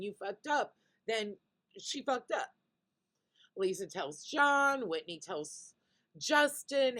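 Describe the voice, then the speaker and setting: A woman's voice: medium pitch, fairly bright tone. Brief: woman vlogger recapping reality TV, loose, candid, profane. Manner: candid, chatty, swears freely. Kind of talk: casual chat.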